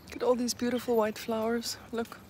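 A young South African woman chats through a casual daily vlog, slipping into cooing baby talk with her dogs. Her voice sits a little high, and faint noise runs behind it. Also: monotone, brisk, a little mellow. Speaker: vlogger. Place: home and outdoor walk.

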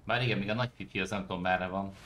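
A man giving relaxed, chatty commentary while streaming a video game. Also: low-pitched, rapid-fire. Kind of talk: casual gameplay commentary.

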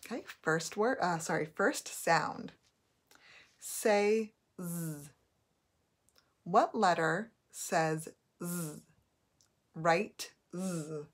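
A woman teacher giving a recorded spelling test, dictating words slowly and repeating each one. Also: on the low side.

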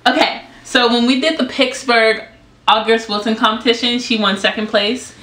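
A young woman vlogger chatting casually, often quick and halting as she restarts her sentences. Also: fairly high pitch, steady tone, pushed and bright. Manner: quick, halting, self-conscious talk. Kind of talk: casual chat. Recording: echoey room with faint music.

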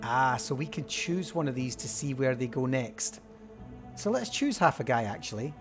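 A man's voice: mid-range voice, lively intonation, moderate pace. A man hosting a let's-play, talking casually and thinking aloud as he works through clues. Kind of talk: casual game commentary. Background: game music.

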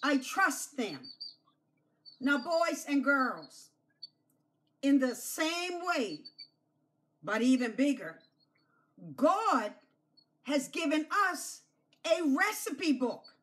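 A woman pastor giving an object lesson to children, slow and emphatic, repeating key phrases and coaxing them to say them back. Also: high voice, big pitch swings, a bit bright, a little hiss or hum. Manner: coaxes children to repeat after her.

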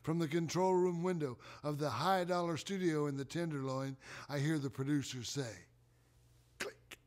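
A middle-aged man performs his own life story as a theatrical spoken monologue, talking slowly and deliberately and letting dramatic pauses hang. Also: on the high side, darkish tone. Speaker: performer of a one-man autobiographical play.

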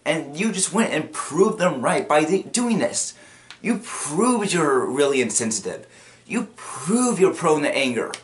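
A man's voice: a little high, sing-song, a little slow. A man casually recapping a cartoon episode, rambling and repetitive with many restarts, bursting into acted quotes. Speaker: video commentator.

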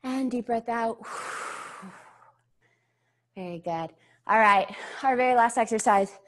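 A woman's voice: on the high side, slow. A young woman teaching a beginner ballet class, a little out of breath, cueing steps, counting beats and checking in with her students. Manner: encouraging, counts beats aloud, checks in with "yeah?". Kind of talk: online dance class instruction.

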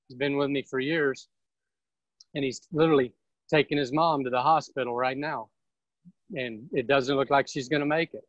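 A woman's voice: extremely low pitch, dry recording. A woman giving a blunt, emphatic motivational pep talk as a guest on a video call. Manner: blunt, emphatic, preachy, with some swearing. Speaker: real estate team leader speaking as a guest. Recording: dull, dry video-call audio.

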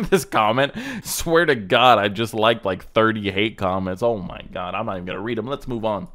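A man's voice: fairly low pitch, moderate pace, fairly bright tone. A man hosting a casual reaction video, ranting sarcastically and swearing as he mocks car clips. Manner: sarcastic, ranting, profane roasting.

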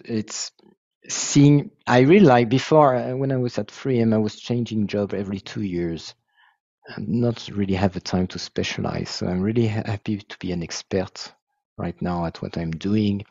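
A man's voice: lowish voice, mellow, no echo. French-accented man on a dull call. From France. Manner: halting, restarts, searches for English words. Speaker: software founder presenting his tool. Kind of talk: casual video-call discussion. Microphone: video call.

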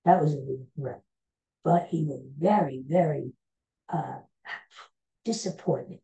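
Podcast host, a man in his 60s, rambling with lots of ums, mellow tone, lo-fi sound. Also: fairly high pitch, takes it slowly. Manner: rambling, hesitant, many filler sounds. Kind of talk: casual chat.

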